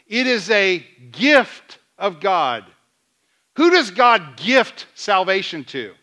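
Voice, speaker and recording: High bright-voiced preaching pastor. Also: male voice, big pitch swings, slow pace. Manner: preaching with questions to the congregation and retold dialogue. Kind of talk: sermon. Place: church sanctuary.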